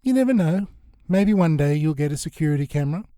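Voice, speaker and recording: Chipper, sly male neighbour, played by the narrator, bright upbeat lilt. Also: on the high side, lively intonation, fast talker, dry recording, studio quality, close to an everyday voice. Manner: chipper, matter-of-fact. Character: cheerful scheming man, friendly neighbour.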